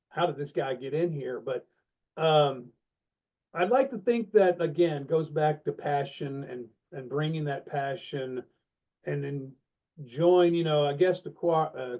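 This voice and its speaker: A middle-aged man, a guest on a casual podcast interview, telling animated, self-deprecating stories about his sales career. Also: medium pitch. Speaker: guest, longtime sales leader. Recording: dull, lo-fi sound.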